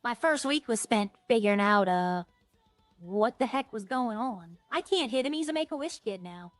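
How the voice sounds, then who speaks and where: A woman's voice: fairly high pitch, lively intonation, normal speed, no room sound, faint music behind. A woman streamer chatting casually while she plays, rambling and thinking aloud. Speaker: roleplay game streamer. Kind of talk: casual gameplay chat.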